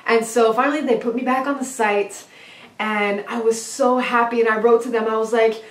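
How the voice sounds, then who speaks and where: A young woman tells a personal story straight to her viewers, lively and chatty, jumping into high excited voices when she quotes herself. She sits a little back from the mic in a roomy space, so the voice carries some echo. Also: moderate pace. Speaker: singer and vlogger. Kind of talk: casual storytelling to camera. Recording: roomy, slightly distant from the mic.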